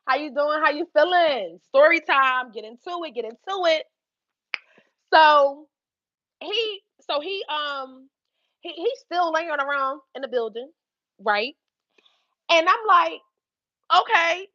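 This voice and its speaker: A young woman telling a work story in a casual, profane, animated way, laughing often and acting out what people said. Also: sits high, slow, pauses often, no echo, dull audio. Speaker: livestream host telling a story.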